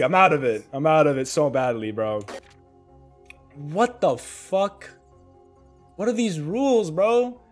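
A young man with a tired, hoarse voice gives excited, swearing commentary while playing a rhythm game. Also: on the high side, slow pace, long pauses. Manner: excitable, swearing, exclamatory reactions. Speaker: gaming streamer. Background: faint game music.

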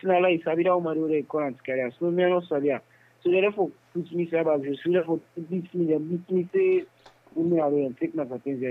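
A man with a Sierra Leonean Krio accent recounting events in a phone interview, in halting, repetitive speech. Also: a little high. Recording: tinny phone line.

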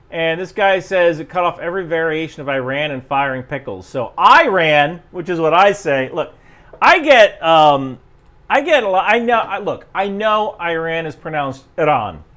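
A man with a softened New Jersey accent and a fairly high voice, chatting casually. He rambles, breaks off and restarts his sentences, and chuckles often as he comments. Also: big pitch swings, moderate pace. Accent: General American, softened New Jersey. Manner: chuckling, rambling, self-interrupting. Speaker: YouTube commentator.

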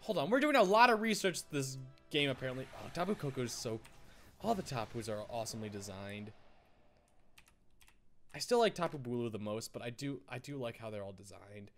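A man giving casual, excitable let's-play commentary, rambling with frequent stammered restarts. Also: medium pitch, a little fast, soft background music. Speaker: gaming YouTuber.

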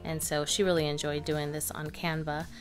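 A woman in her thirties with a fairly low voice, chatting about homeschool materials in a casual, lively way. She fills her talk with little ums and restarts, and faint music plays behind her. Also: moderate pace. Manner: chatty, lively, with frequent fillers. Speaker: homeschooling mom and channel co-host. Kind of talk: casual curriculum review chat.

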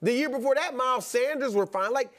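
Male sports co-host, high voice, agreeable, then builds his argument. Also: brisk, fairly bright tone. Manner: agreeable, interjects often, then lays out a case. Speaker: sports talk show co-host. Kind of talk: sports debate.

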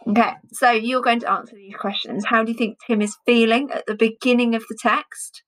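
A woman teacher explaining a reading comprehension task to primary pupils, chatty with pauses and fillers. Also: on the high side, steady tone, low-quality recording. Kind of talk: home learning reading lesson.

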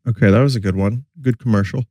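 A man's voice: fairly low pitch, fast, darkish tone, a little hiss or hum. Sick man joking over commercials. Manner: wry, joking asides. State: sick, voice affected. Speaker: streamer reacting to commercials. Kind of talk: casual live commentary.

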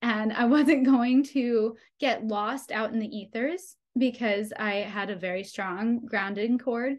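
A young adult woman, a podcast guest, telling a personal birth story with animated delivery, often laughing and acting out dialogue. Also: medium pitch.

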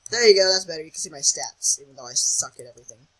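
A man's voice: on the high side, expressive, very fast, pushed and bright, low-quality recording. A young man giving casual commentary over a video game, jittery and self-mocking, often chanting words over and over in a sing-song. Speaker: gaming channel host.

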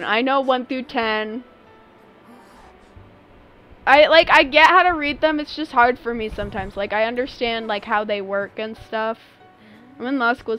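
A woman's voice: on the high side, normal speed, dull audio, soft background music. A woman in her twenties chatting casually and slangily as she streams a game. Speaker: live streamer. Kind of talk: casual chat while gaming on stream.

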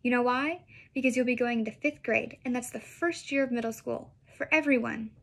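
A woman reading as a gently coaxing mother. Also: on the high side, fairly quick, vocal fry. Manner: soft, encouraging.

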